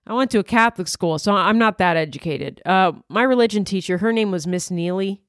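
A woman's voice: medium pitch, fairly quick, no echo, studio quality. A woman comedian hosting her podcast, rambling through a crude, self-mocking comedic monologue. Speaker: comedian host.

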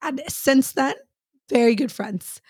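A woman co-hosting a podcast in casual chat, an animated storyteller who acts out the people she quotes. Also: sits high, takes it slowly, breathy edge, no room sound, clean studio sound. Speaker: podcast co-host.

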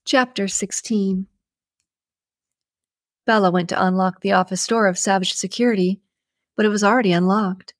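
A woman reading a romance novel aloud as narrator, in a measured, even storytelling delivery. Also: medium pitch, no room sound, clean studio sound. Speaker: audiobook narrator.

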